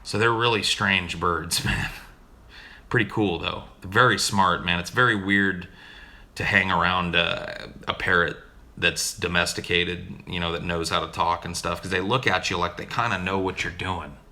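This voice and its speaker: A man's voice: low voice, fairly even intonation, normal speed, sharp tone. A man chatting casually with his stream audience, laid-back and profane, often calling people dude. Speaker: streamer answering chat. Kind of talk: casual chat. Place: home recording room.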